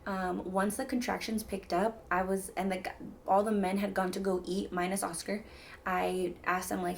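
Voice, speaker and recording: A woman's voice: fairly low pitch, flat delivery, moderate pace, slight background noise. A young woman telling a personal story to her viewers in a chatty, rambling way, full of "like" and "mind you guys". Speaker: vlogger. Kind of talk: casual storytelling to camera.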